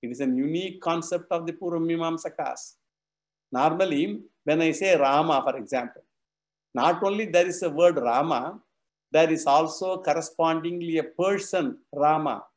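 A man's voice: on the high side, normal speed. A man with an Indian English accent giving a scriptural lecture, asking the class questions and answering them himself. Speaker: Vedanta teacher.

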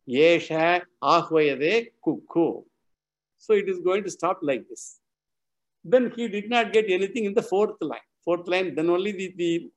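A man teaches scripture in a patient, repetitive lecture, chuckling now and then. His voice sits a little high for a man. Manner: explains slowly, repeats key terms, chuckles.

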